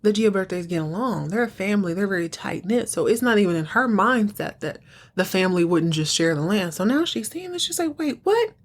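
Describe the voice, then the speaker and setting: A woman hosting a podcast, recapping a TV episode in a chatty, animated storytelling way. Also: mid-range voice, fairly quick. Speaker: podcast host.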